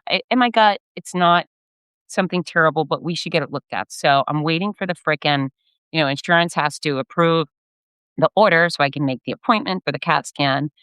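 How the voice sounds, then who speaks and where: Bright, crisp-voiced woman podcast host. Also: low voice, no room sound. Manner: candid, animated, blunt with mild swearing. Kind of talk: casual solo storytelling.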